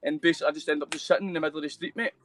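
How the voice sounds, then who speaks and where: A man's voice: fairly high pitch, steady tone, rapid-fire, fairly bright tone, a little hiss or hum, rough recording. A young Scottish man with a Scottish accent, a guest telling his story on a live video call, rambling and swearing freely with lots of mate and bro. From Scotland. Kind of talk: casual storytelling interview.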